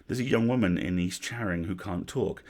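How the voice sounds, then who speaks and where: A man reading a story aloud on a livestream, measured, with wry asides. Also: low voice, darkish tone. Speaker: story reader.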